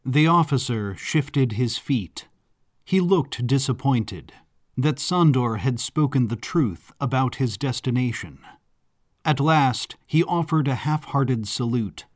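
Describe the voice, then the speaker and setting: A man narrating a story in a measured, descriptive way. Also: mid-range voice, lively intonation. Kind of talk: scripted audiobook narration. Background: faint background music.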